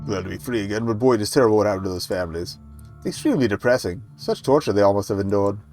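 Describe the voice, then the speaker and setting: A man streams an adventure game, reading the characters' lines aloud in a low, casual murmur. He drops the odd swear word into his commentary, and faint game music plays underneath. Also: animated, very fast, darkish tone.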